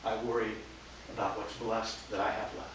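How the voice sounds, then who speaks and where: A man giving a humorous storytelling speech at a speech contest, theatrical and animated, in a large echoey hall recorded from far off. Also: lowish voice, normal speed, slight background noise. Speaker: contest speaker.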